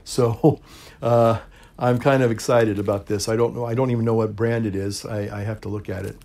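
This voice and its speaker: A middle-aged man, a priest, chatting casually to camera in a relaxed, rambling way, chuckling often and pausing to puff on his pipe. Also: on the low side. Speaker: priest and pipe-smoking video host.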